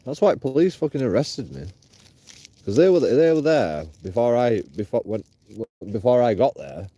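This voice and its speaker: A man's voice: medium pitch, expressive, normal speed, mellow, breathy edge. A man livestreaming while walking outdoors at night, rambling, swearing freely and laughing often. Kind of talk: rambling casual livestream chat.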